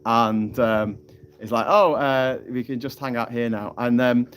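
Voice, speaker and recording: A man's voice: mid-range voice, measured pace, smooth. A man chats loosely to a live stream audience, rambling through a story with plenty of laughs and the odd curse word. He is talking into a phone outdoors on an island. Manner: chatty storytelling with frequent laughs and swearing.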